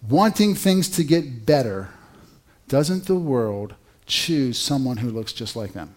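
A pastor with a fairly high-pitched voice preaches animatedly, in a chatty manner, asking his listeners rhetorical questions.

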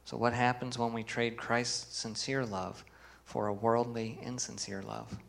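A man's voice: mid-range voice, little pitch movement, measured pace, gravelly, a bit bright. A man preaching a sermon as pastor, earnest, reading scripture with emphasis and putting questions to the congregation.

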